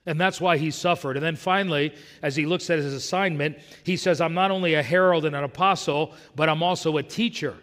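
Pastor guy preaching, kinda high voice, long echo in the church. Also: fairly even intonation, fairly quick, few pauses, a bit bright. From United States. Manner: earnest preaching, quotes scripture with emphasis. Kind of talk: sermon. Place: church sanctuary.

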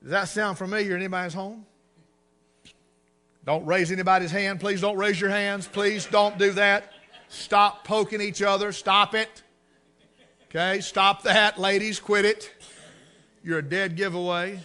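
Folksy preacher, bright high voice. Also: male voice, little pitch movement, unhurried, long pauses. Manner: folksy storytelling, swings between loud and hushed. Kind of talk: humorous sermon.

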